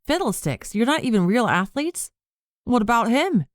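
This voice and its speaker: A woman voicing an excitable young woman who yelps and blurts out exclamations in an audiobook. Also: high-pitched, brisk, no room sound, studio quality, voice pushed up. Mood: startled. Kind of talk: audiobook character reading.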